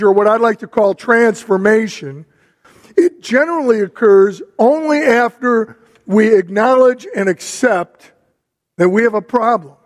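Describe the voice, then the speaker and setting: A middle-aged man giving a sermon with a measured storytelling manner, pausing between phrases. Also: high-pitched. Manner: measured, storytelling preacher with pauses. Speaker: pastor. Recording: long reverb of a hall.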